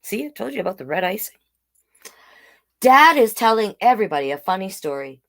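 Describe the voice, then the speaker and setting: A woman reading picture books aloud to children, with chatty, animated asides to the viewers. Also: medium pitch, fairly quick. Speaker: storytime reader.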